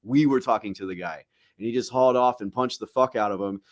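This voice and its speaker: Young man, podcast co-host, profane casual storytelling, acts out quotes, medium pitch. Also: quick pace, dry recording, studio quality. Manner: profane, animated anecdote-telling with acted-out quotes.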